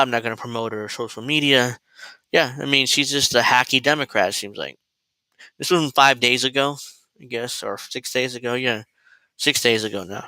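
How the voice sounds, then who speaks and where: Bright, sarcastic male commentary host. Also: medium pitch, dry recording, low-quality recording. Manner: rambling, sarcastic, frequent fillers and restarts. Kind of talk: political commentary livestream.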